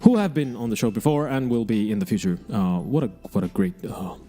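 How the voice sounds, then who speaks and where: A man's voice: fairly low pitch, animated, brisk, mellow. A man hosting an online radio show, chatting casually and rambling between songs, frank and self-mocking and often restarting his sentences.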